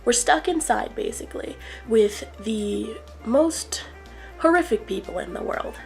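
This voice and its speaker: A woman vlogger telling an exasperated story in a casual rant, animated as she acts out what people said. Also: fairly high pitch, a little slow, creaky, faint music behind, poor audio. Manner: exasperated, animated retelling with acted quotes.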